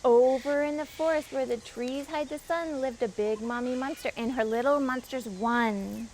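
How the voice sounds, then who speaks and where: High-voiced librarian reading to kids. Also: female voice, moderate pace, slight background noise, rough recording. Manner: expressive reading with asides to the children. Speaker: children's librarian. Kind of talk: children's storytime read-aloud.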